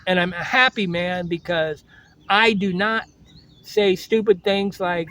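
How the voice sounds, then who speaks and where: A man's voice: high-pitched, a little slow, pushed and bright. An older man giving a blunt, lecturing motivational monologue to his vlog viewers and repeating his slogans. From United States. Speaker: travel vlogger.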